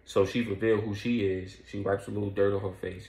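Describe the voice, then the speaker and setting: Brief: casual male storyteller, slangy, low voice, roomy sound. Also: flat delivery, a little fast, creaky, a little mellow. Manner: slangy, rambling.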